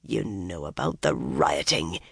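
A reader voicing a gruff, grim one-eyed male soldier who growls, talks bluntly and keeps biting back his curses. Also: medium pitch, normal speed, no echo, studio quality, lightly acted. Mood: incredulous.

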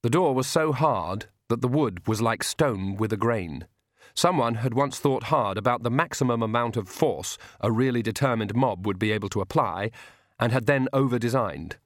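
Man, audiobook narrator, measured, wry, middle pitch, close mic, dry sound. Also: animated, no room sound. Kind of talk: scripted narration.

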